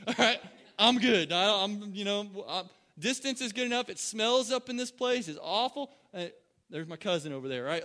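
A pastor preaching a sermon, joking and talking straight to the congregation. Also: male voice, high-pitched, moderate pace. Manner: animated, joking, talks to the congregation.

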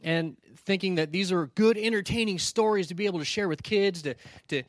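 A man's voice: sits high, fairly quick, dry recording. A male pastor giving a sermon in a conversational, storytelling way, often checking in with "right?" and earnestly challenging his listeners.

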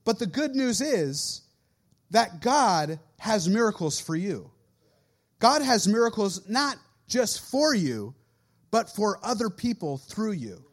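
Youth pastor guy in his 30s preaching, high voice, slow and deliberate. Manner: animated preaching, acting out quoted voices. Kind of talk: sermon.

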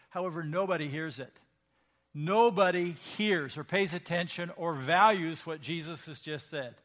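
A man's voice: a little high, normal speed, a bit bright. A male pastor preaching a sermon in a conversational, emphatic way, asking the congregation questions.

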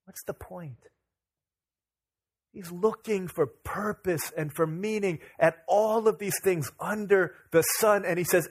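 Animated man preaching with stories. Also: high-pitched, takes it slowly, breathy edge. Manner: animated, acts out dialogue in anecdotes. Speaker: pastor. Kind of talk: sermon with storytelling.

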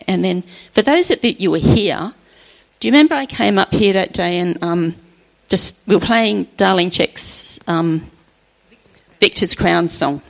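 A middle-aged woman speaking to her church in a gravelly, lower-pitched voice. She tells her story earnestly and chattily, often laughing softly as she goes. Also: low-quality recording. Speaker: church member sharing a testimony. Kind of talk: personal faith testimony.

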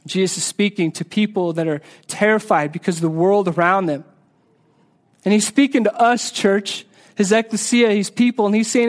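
Male pastor, high voice, earnest sermon delivery with quiet, low emphasis. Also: steady tone, normal speed. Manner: earnest, repeats words, drops soft and low on key phrases.

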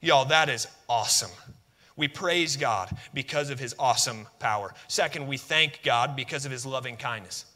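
A man's voice: mid-range voice, moderate pace, sharp tone, long reverb tail. A man preaching a sermon in a conversational, emphatic way, asking rhetorical questions and adding humor.

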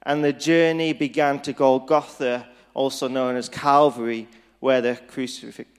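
A man preaching a Good Friday sermon as pastor, slow and earnest. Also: medium pitch, fairly even intonation, clean tone. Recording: reverberant hall.

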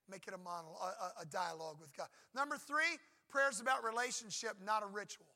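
A man's voice: high-pitched, pushed and bright. A middle-aged male pastor preaching a sermon in a conversational, emphatic way, acting out short prayers and God's replies.

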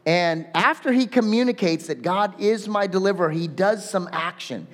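Casual Southern California man preaching in a church; high-pitched, reverberant hall. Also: normal speed. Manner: conversational, self-deprecating. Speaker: pastor. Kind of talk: sermon. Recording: echoey hall.

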